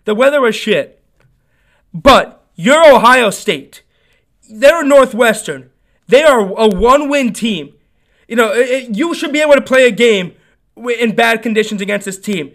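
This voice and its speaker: A man's voice: very high-pitched, lively intonation, unhurried, fairly bright tone. A young man hosting a casual sports podcast, ranting in an opinionated, rambling way with lots of fillers and restarts. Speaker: podcast host.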